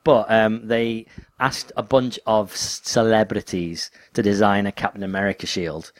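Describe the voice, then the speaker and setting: A man with a lowish voice leads a relaxed conversation as co-host. He sounds eager as he brings up each new topic and teases his friends. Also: moderate pace, dry recording. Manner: enthusiastic, teasing, leads the topics. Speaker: podcast co-host. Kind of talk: casual chat.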